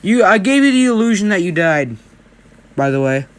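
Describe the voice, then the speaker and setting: A man's voice: high-pitched, very animated, moderate pace, clear, resonant tone, voice pushed up. A man voicing a smug, overpowered teen boy hero who talks in an offhand, casually cruel way.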